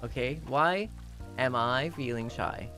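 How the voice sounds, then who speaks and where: A man's voice: medium pitch, slow pace, bright, forceful tone, faint music behind. A man hosting a casual anniversary chat stream, giggly and rambling, shy and self-conscious, switching between English and Japanese. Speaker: streamer host.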